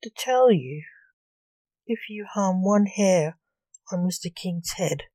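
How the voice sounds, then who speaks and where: A woman voicing a menacing masked male necromancer in a read-aloud story, who delivers his threats slowly and deliberately. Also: medium pitch, mellow, dry recording.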